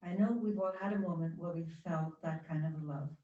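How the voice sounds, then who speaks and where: A woman giving a spiritual talk to a congregation, guiding them gently and chatting with the audience. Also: fairly low pitch, a little fast, recorded from a distance, lo-fi sound. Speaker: guest speaker. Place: church hall. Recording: roomy hall sound from off-mic.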